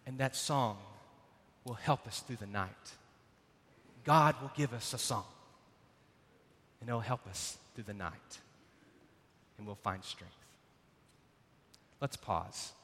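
A man preaching a sermon, telling a dramatic personal story with loud bursts and hushed passages. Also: medium pitch, slow pace, pauses often. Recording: long hall reverb.

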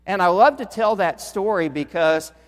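A man's voice: high voice, normal speed. A middle-aged man preaching a sermon as pastor, telling stories with animation and building to emphatic peaks. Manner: animated storytelling, swells in volume for emphasis. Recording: long reverb of a large hall.

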